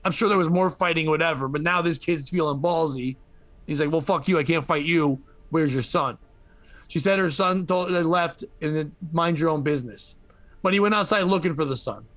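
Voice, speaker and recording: Animated man riffing on news. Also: fairly high pitch, fast talker, dry recording. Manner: animated storytelling, swearing. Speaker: podcast host. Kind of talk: comedic news commentary.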